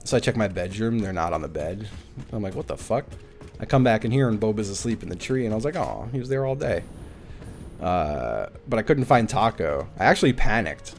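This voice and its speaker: Guy streaming a game from home, super lively up-and-down voice, casual and a bit sweary, faint music in back. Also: fairly low pitch. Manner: chatty and animated, swears casually, quick laughs. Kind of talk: casual live-stream chat.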